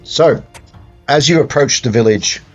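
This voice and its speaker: A man narrating a tabletop horror game as game master, speaking haltingly with many fillers and restarts. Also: mid-range voice, slightly rough. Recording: dull lo-fi sound with faint music.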